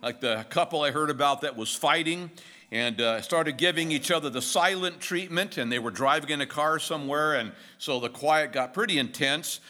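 A middle-aged man preaches a sermon, walking through the text in an easy, conversational way and slipping in jokes and short stories. His voice sits a little high and sounds bright and forceful. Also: moderate pace. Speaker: pastor. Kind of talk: expository sermon.

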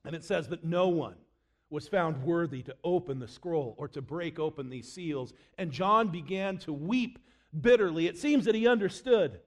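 A man preaching a sermon in a high voice. He drops low and quiet for quoted scripture, then pushes up louder and faster for emphasis. It comes across as dramatic preaching.

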